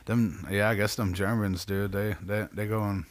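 A young man on a podcast telling loose, rambling stories full of slang and swearing. His voice sits somewhat low, and he keeps tossing in "you know what I'm saying.". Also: little pitch movement, unhurried. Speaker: guest, sandwich shop worker. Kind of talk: casual storytelling chat.

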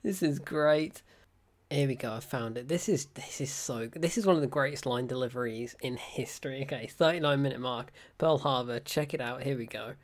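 A man's voice: medium pitch, fairly quick. A man casually reviewing a film, sarcastic and breaking into laughter as he talks. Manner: sarcastic, laughs often while talking.

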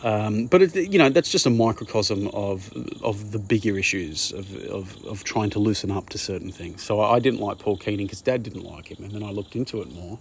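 A man's voice: on the low side, a little fast, creaky, few pauses, a little hiss or hum. A man with an Australian accent, talking casually in a rambling monologue and often saying "mate". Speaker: podcast host.

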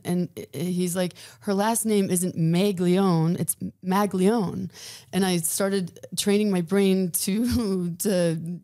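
A woman's voice: mid-range voice, vocal fry, dark tone. Bubbly woman from Minnesota, podcast guest. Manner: bubbly, laughs often. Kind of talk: casual podcast chat.

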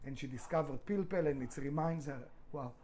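A man's voice: mid-range voice, a little fast, a little mellow, rough recording. A middle-aged man, a restaurant founder, telling his story in a podcast interview, emphatic, swearing freely, with non-native grammar.

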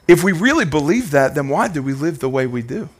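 A high-pitched male pastor preaching with fervor. He rides a sing-song cadence, repeats phrases for emphasis and calls out to the congregation. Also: big pitch swings, fairly quick, slightly rough. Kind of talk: sermon.

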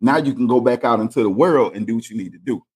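Husky-voiced man preaching in casual talk. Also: medium pitch, fast, darkish tone. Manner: preachy, storytelling, emphatic. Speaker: podcast co-host. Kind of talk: casual faith podcast chat.

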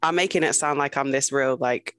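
A young adult woman, a guest in a casual interview, talking in a lively way and laughing often. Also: extremely low pitch, a little fast, soft background music.

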